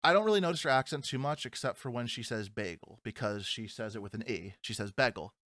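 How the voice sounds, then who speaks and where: A man's voice: mid-range voice, expressive, fast talker, fairly bright tone, dry recording. A man from New Jersey with a New Jersey accent, co-hosting a podcast in casual chat, loose and swearing. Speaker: podcast co-host.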